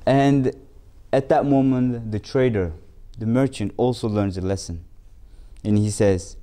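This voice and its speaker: A man whose first language is Turkish tells a fable as an instructor, unhurried and halting, often restarting his phrases. His voice is dark and mellow and sits at a middle pitch. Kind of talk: storytelling lesson.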